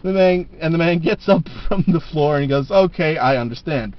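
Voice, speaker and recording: A man's voice: on the high side, a little fast. A man telling jokes casually to the camera, laughing at his own punchlines, on a dull lo-fi camera recording.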